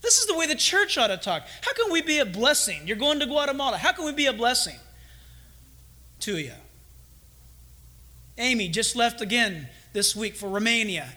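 A male pastor preaching a sermon, animated and acting out little quoted exchanges between churchgoers. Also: extremely high pitch, normal speed, pauses often.

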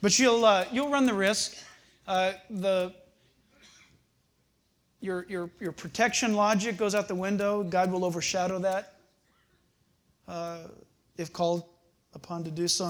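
An older man preaching a sermon, telling stories with animated, chuckling asides. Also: high voice, unhurried, pauses often. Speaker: pastor.

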